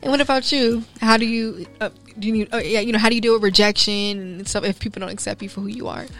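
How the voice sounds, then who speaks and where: A woman hosting a casual chat, lively and upbeat, reacting quickly to her guests. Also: mid-range voice, faint music behind. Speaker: podcast host.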